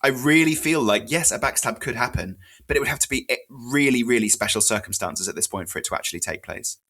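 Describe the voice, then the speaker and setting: Young male co-host, analytical and measured, with a bright, crisp tone. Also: mid-range voice. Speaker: podcast co-host. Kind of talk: casual podcast chat.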